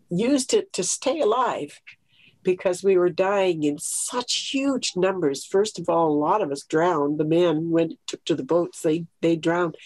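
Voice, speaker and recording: A woman's voice: fairly low pitch, darkish tone, no room sound. An older woman giving a lighthearted storytelling lecture, often laughing as she talks.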